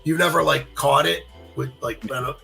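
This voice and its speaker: Male podcast co-host, gravelly and bright, rambling crude storyteller, built-in mic. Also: on the high side, fairly even intonation, a little fast, faint music behind, rough recording. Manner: rambling, many fillers and acted-out quotes. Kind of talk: casual crude storytelling chat. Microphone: built-in device microphone.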